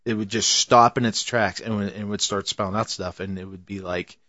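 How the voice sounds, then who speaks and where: A man of ordinary pitch telling a rambling story in a casual chat, laughing often and trailing off into fillers. The recording is dry and slightly dull. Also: steady tone, brisk, bright, forceful tone, no echo. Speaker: podcast co-host telling a story.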